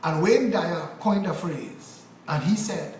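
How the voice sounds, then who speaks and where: A man's voice: fairly high pitch, expressive, takes it slowly, a little mellow, echoey room, slight background noise, low-quality recording. A man from Trinidad and Tobago with a Trinidadian accent, giving an angry, impassioned political monologue to camera in a preaching cadence. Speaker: political commentator vlogger.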